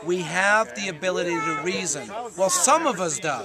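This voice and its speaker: A man's voice: high voice, expressive, moderate pace. A man cutting in emphatically during a heated debate at an outdoor festival. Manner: emphatic, interjecting. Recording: outdoor crowd chatter behind.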